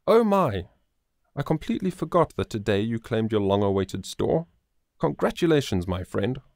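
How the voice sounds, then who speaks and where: A man voicing a boisterous, jolly young peasant man who booms and turns mock-formal in a storybook reading. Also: normal speed, creaky, no echo, clean studio sound. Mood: delighted. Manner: booming, playfully over-proper, stammers when excited.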